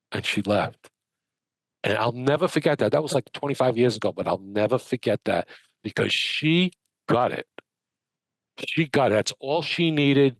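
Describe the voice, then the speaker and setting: A man, a medium and podcast guest, telling anecdotes in an animated, chatty way with many restarts. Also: medium pitch, dry recording. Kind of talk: conversational storytelling.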